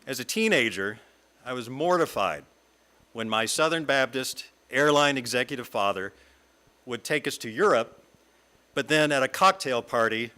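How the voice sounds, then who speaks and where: A middle-aged man from the American South, a guest speaker giving a reflective talk read from a script in a lyrical, measured way. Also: medium pitch, lively intonation, sharp tone. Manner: lyrical, measured reading with long lists. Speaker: guest speaker at a fellowship service.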